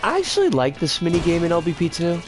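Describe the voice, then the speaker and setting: A woman's voice: lowish voice, huge pitch swings, fast, music in the background. A woman streaming a game, chatting in a rambling, casual way and breaking into frustrated outbursts. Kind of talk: casual live-stream commentary while playing.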